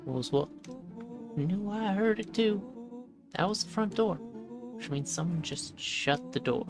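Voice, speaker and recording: A woman's voice: medium pitch, lively intonation, a little slow. A woman streaming a game, casually and playfully reading the characters' dialogue aloud. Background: game music.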